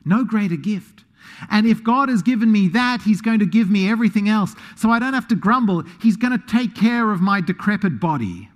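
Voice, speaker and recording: A man preaching a sermon as pastor, animated and self-deprecating, moving into a quiet prayer. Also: high voice, a little fast, hardly any pauses. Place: church sanctuary. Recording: long hall reverb.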